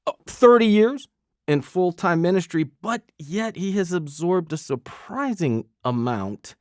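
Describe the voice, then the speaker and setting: A man's voice: sits high, measured pace, dry recording, studio quality. A man of fifty co-hosting a podcast in casual chat, joking and telling stories. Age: 50s. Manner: animated, joking storyteller. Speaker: podcast co-host.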